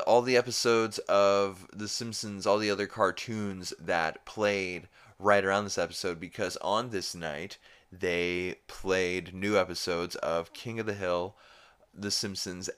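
Deep-voiced man recapping a cartoon. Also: a bit bright, smooth. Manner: rambling, filler-heavy retelling. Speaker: podcast host. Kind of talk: casual episode recap.

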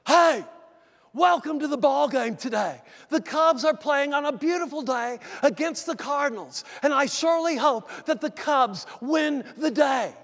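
A man doing an impression of a loud, booming baseball announcer during a sermon. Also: animated, unhurried, gravelly, long reverb tail, exaggerated voice. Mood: boisterous. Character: older male baseball announcer, gravelly and boisterous.

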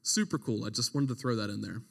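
A man's voice: medium pitch, quick pace, creaky, a bit bright, breathy edge. A young man, preaching a casual, conversational sermon as a youth pastor, full of slang and asides. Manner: conversational, slangy, with frequent "like" and "right?". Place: church sanctuary. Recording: long hall reverb.

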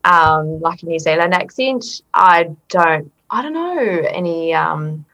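Her pitch fairly low and her pace slow, a middle-aged accent performer comes across as very animated in a reflective interview. She is earnest and thoughtful, restarting frequently and letting out soft laughs.

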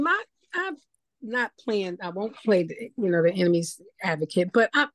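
A woman's voice: mid-range voice, no room sound. Chatty woman pastor, dry close sound. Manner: conversational, thinking aloud with many fillers. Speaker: pastor, class participant. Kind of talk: discussion contribution.

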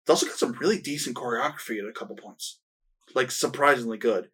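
A man chatting casually about movies on a podcast, eager and rambling, often restarting his sentences. His voice sits at a middle pitch for a man. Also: fast, a bit bright, slightly rough. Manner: enthusiastic, rambling with restarts and laughs. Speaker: podcast co-host. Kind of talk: casual film review chat.

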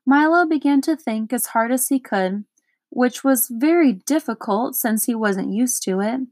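An audiobook reader narrates a children's storybook in a fairly high voice at a measured pace, with no echo. She gives each character a distinct voice, shifting between them with lively energy.

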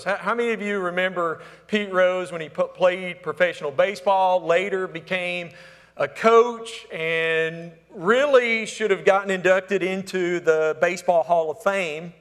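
A man preaching a sermon as pastor, asking the congregation to fill in words and swinging between emphatic calls and hushed, near-whispered lines. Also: high voice. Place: church sanctuary. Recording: long hall reverb.

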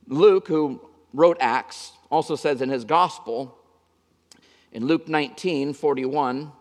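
A male pastor delivering a sermon with dynamic delivery, moving between emphatic and hushed passages. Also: on the high side, slow pace. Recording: long reverb of a large hall.

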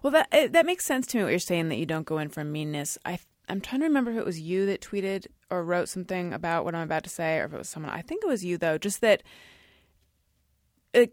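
Woman podcast host, lower register. Hedges her questions, laughs easily. Dry close mic. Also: expressive, fast talker, dry recording. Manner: thoughtful, hedging questions with easy laughs. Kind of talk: casual podcast interview.

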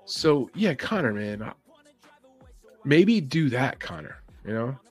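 A man's voice: medium pitch, very animated, slow, husky, faint music behind. A man hosting a podcast in a casual opinion chat, rambling, opinionated and chuckling as he talks. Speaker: podcast host.

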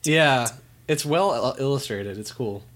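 Male co-host, teasing, slow and lively in pitch. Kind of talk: casual chat.

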